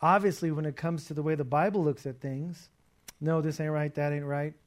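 Male preacher, conversational and animated delivery, fairly high pitch. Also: brisk. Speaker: pastor. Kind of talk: sermon.

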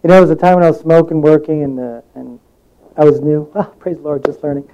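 A man's voice: a little high, steady tone, quick pace, dull audio. A man giving a sermon in a conversational way, telling stories from his own life and acting out the voices in them. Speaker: preacher.

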